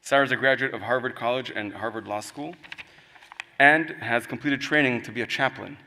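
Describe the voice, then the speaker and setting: A male conference host introducing a speaker from the stage, loose and hesitant with many fillers. His voice is bright and mid-pitched, and it rings in a large reverberant hall. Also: a little fast.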